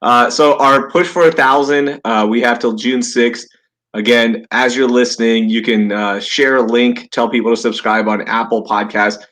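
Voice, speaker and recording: An upbeat podcast host chatting live with a co-host and joking around as he goes. He speaks through a cheap gaming headset from home, his voice sitting at an ordinary middle pitch. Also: steady tone, fairly bright tone. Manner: upbeat, jokey, quick to laugh. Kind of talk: casual live podcast chat.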